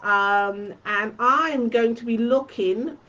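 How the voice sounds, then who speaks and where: A woman's voice: on the high side, slow, a bit bright, dull audio. A woman hosting a quilting tutorial live stream, chatting casually and fondly with her viewers.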